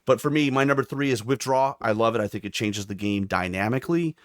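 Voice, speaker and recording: A man's voice: mid-range voice, fast talker, dry recording, clean studio sound. A man hosting a podcast, chatting enthusiastically and reading listener responses aloud. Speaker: podcast host. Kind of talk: casual chat.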